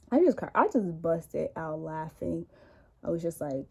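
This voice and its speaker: A woman's voice: fairly low pitch, a little slow, darkish tone. Chatty, cussing young woman vlogger. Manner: chatty, profane, rambling, with many likes. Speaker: beauty vlogger. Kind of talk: casual makeup vlog storytelling.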